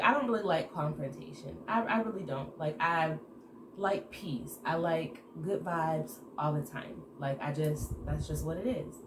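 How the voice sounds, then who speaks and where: Woman doing a storytime vlog, acts out the back-and-forth, kinda low voice, noisy room. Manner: animated retelling with acted-out quoted dialogue. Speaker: storytime vlogger. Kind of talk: casual storytime. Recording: echoey room with background noise.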